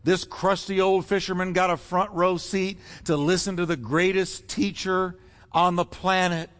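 A man's voice: high-pitched, level tone, a little slow, a bit bright. A man preaching a sermon as pastor, fervent and rhythmic, building repeated phrases. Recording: long reverb in a large hall.

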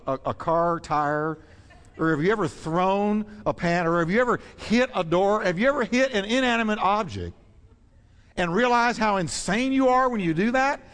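Male pastor, lively sermon delivery, fairly high voice, long hall reverb. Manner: animated, swinging from loud exclamations to hushed earnest tones.

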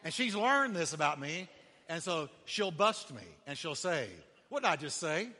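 High-voiced pastor guy preaching hard, really bright tone, long echo of a church hall. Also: expressive, moderate pace. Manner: emphatic, rising to shouts. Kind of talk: sermon.

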